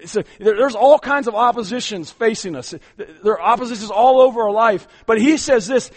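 Pastor, male, slightly high voice, emphatic sermon delivery with frequent repeats. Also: lively intonation, a little fast, few pauses. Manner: emphatic, repeats words, swings loud and soft.

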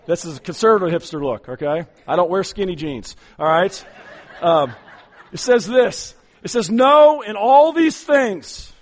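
A man preaching a sermon, emphatic, often repeating words and swinging between loud and soft. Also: fairly high pitch, animated, moderate pace. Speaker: pastor.

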